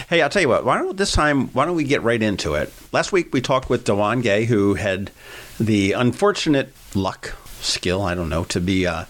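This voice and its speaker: A man with a fairly low voice co-hosts a podcast at a kitchen table. He chats loosely, tells stories and laughs easily. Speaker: podcast co-host. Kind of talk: casual banter.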